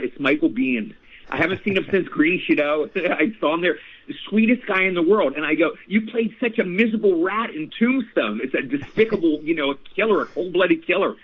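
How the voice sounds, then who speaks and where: A man in his sixties, an actor guest telling stories in a casual interview, animated and repeating phrases. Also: fairly high pitch. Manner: animated, repeats phrases, addresses host by name. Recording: tinny phone line.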